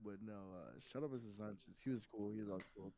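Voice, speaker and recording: A young man co-hosting a casual podcast, telling a rambling, animated story and acting out shouted names. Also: on the low side, fast talker, vocal fry, rough recording. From Texas. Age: young adult. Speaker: podcast co-host.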